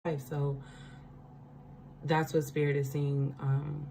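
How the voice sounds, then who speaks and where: A woman's voice: low voice, flat delivery, takes it slowly, creaky, dark tone, slight background noise, low-quality recording. A woman giving a casual spiritual card reading, chatty, laughing often and checking in with her listeners.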